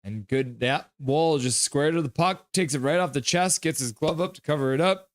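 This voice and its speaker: A man hosting a live reaction stream, calling the hockey game play-by-play in a brisk manner, with bursts of loud cheering. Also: a little high, no room sound, studio quality.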